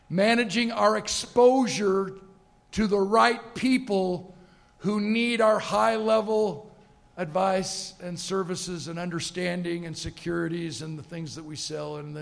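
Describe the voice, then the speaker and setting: High-voiced gravelly man telling stories on stage. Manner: storytelling with comic asides and acted-out quotes. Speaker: keynote speaker. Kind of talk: motivational keynote speech with humorous stories. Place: conference stage.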